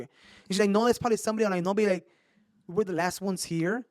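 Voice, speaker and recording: Brief: animated male podcaster, quick high voice, swears freely. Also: dry recording, studio quality. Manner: animated, swears a lot, mixes in Spanish slang. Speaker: podcast host. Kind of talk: casual storytelling chat.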